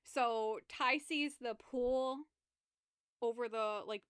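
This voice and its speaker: Woman, podcast co-host, casual plot recap, swears a lot, acts out the quotes, smooth clear voice, slightly high. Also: slow, fairly bright tone, no echo, studio quality. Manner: rambling, swears freely, acts out characters' lines. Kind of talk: casual book recap chat.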